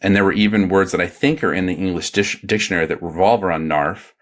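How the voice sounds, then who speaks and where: A man with a very low voice chats on a podcast panel. He rambles and hesitates, trailing off and restarting his sentences as he explains a topic. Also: steady tone, quick pace, a bit bright. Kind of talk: casual podcast chat.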